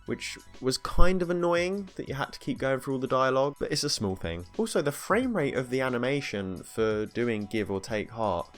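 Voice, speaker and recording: A man's voice: medium pitch, big pitch swings, moderate pace, hardly any pauses, soft background music. A man narrating a casual game review as a voice-over, with wry, sarcastic asides.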